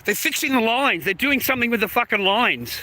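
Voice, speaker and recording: A man venting on a live stream, cursing freely in a blunt, irritated rant. His voice sits high and sounds sharply bright and forceful. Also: animated, fairly quick. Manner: angry, heavy swearing, blunt. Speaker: livestreamer.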